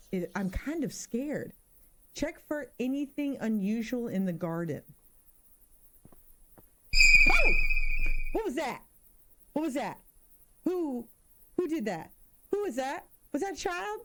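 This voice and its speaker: A woman's voice: a little high, a little hiss or hum. A woman in her thirties doing casual let's-play commentary, joking around and spooking easily. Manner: animated, jokey, easily spooked. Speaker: gaming streamer.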